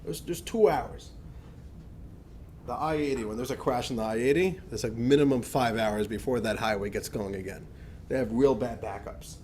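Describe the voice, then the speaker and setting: A man, a rabbi, telling a personal story in a lively, conversational lecture with frequent restarts. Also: medium pitch, normal speed, a little hiss or hum. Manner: animated anecdotal storytelling with many restarts.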